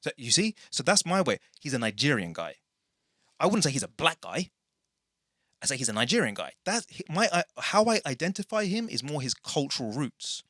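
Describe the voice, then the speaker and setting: A man's voice: a little high, sing-song, a little fast, fairly bright tone, no room sound, studio quality. A man hosting a casual podcast, rambling through tangents and correcting himself as he goes. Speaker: podcast host.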